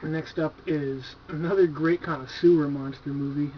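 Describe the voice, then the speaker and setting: Man, casual movie review, slightly high voice, laid-back, swears a lot, dull lo-fi home recording. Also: fairly even intonation, normal speed, a little hiss or hum. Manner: laid-back, profane, enthusiastic, filler-heavy. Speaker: horror movie collector reviewing his purchases.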